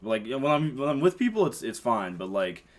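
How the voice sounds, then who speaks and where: A young man in casual chat, talking haltingly and trailing off as he muses. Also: medium pitch, sing-song.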